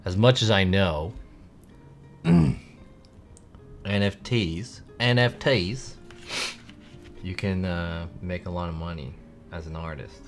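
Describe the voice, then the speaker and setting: Male streamer, low voice, casual rambling delivery over soft background music. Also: steady tone, takes it slowly, pauses often. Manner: rambling, heavy on "like" fillers. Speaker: live streamer. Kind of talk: casual chat with viewers.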